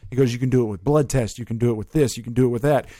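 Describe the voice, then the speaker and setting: Male podcast host, animated storyteller, medium pitch, dry close mic. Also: very fast, dry recording. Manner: animated storyteller, swears freely. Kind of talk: casual chat.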